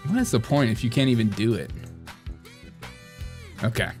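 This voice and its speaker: A man's voice: medium pitch, sing-song, moderate pace, a little mellow, soft background music. Sarcastic male live-stream host. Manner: sarcastic, jokey asides. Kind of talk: comedic live-stream commentary.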